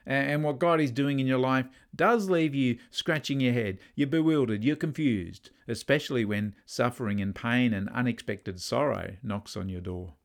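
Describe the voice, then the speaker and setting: Earnest gravelly preacher. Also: male voice, normal speed, hardly any pauses. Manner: earnest, rising on key words and dropping low and soft at the ends of lines. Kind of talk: sermon.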